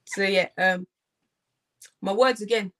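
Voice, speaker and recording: A woman's voice: medium pitch, a bit bright. A young woman, a poet and artist, chatting and joking as a guest on a video call, with lots of fillers. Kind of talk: casual interview over video call.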